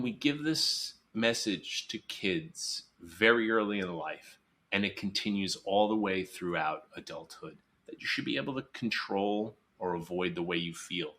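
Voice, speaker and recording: A psychologist guest in a podcast interview, talking earnestly and emphatically, sometimes acting out quoted voices. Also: male voice, mid-range voice, sharp tone.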